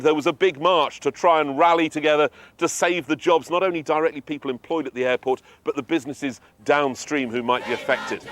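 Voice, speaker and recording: A man's voice: a little high, slight background noise. A man reporting live for a regional news programme, telling the story in a chatty, wry way.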